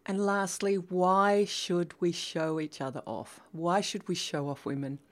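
A woman's voice: lowish voice, fairly even intonation, a little slow. A woman hosting a podcast who interviews her guest, encouraging and murmuring along as she listens. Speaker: podcast host.

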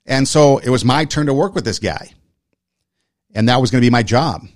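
A man's voice: medium pitch, normal speed, no room sound. Earnest man with a dry, close sound. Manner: earnest, conversational, repeats phrases for emphasis. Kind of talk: reflective monologue with personal story.

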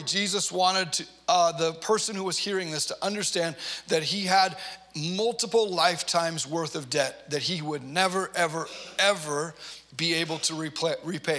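A pastor delivering a sermon in a conversational way, reading scripture aloud and often restarting with repeated words. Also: male voice, a little high, pushed and bright.

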